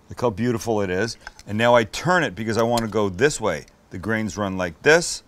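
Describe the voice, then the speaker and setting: Speaking on the low side at normal speed with few pauses, this cooking show host is a middle-aged man running a casual demo. He eats and tastes on camera, addressing viewers with enthusiasm and swearing freely. There's a little hiss or hum in the audio.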